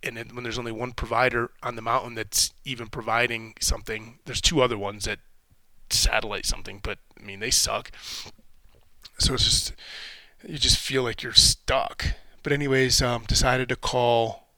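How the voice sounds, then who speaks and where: A man with a gravelly, fry-laden voice and a bright, forceful edge talks through a casual podcast monologue. He rambles candidly and curses now and then. The sound is close and dry, with no room around it. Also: medium pitch, level tone, normal speed, no echo. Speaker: podcast host; military veteran.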